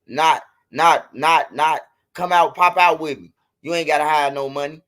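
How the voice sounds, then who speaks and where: A man's voice: fairly high pitch, steady tone, normal speed, fairly bright tone. A man with a Chicago accent hosting casual livestream commentary, mocking and trash-talking his critics with lots of repetition. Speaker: commentary host of a street news channel.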